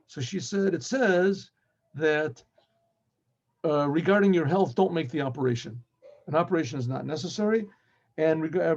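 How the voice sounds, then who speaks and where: Gravelly husky man telling a story. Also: on the high side. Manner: acts out quoted speech in lively back-and-forth. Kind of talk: animated storytelling retelling dialogue. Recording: dull lo-fi recording.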